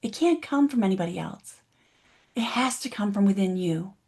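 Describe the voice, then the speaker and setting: Her medium-pitched voice is expressive and a little mellow, moving at a moderate pace. She is a motivational speaker giving a keynote at an online event, telling a story and directly questioning the audience in the chat.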